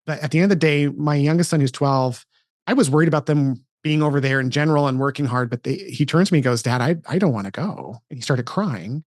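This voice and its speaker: A man in his forties hosting a casual podcast chat, his voice sitting a little high for a man. He tells stories with animated energy, breaking off and restarting his sentences as he goes. The sound is close and dry, with no room echo. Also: quick pace. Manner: animated storytelling with frequent restarts. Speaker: podcast host.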